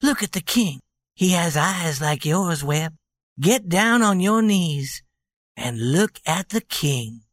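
A man's voice: fairly high pitch, animated, unhurried, few pauses, no echo. A man putting on a tender young ranch wife. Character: tearful young ranch woman, proud and tender.

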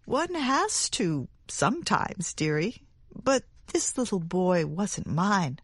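A woman's voice: medium pitch, sing-song, takes it slowly, slightly rough, no room sound, clean studio sound, exaggerated voice. A woman voicing a kindly gray-haired old lady. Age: older. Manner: homely, soothing.

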